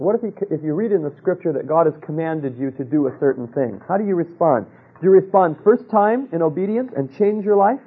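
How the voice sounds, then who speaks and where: A man preaching a sermon, telling a personal story with rhetorical questions and dropping to a hush for quoted voices. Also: on the high side, lively intonation, a little fast, breathy edge, narrow, tinny audio.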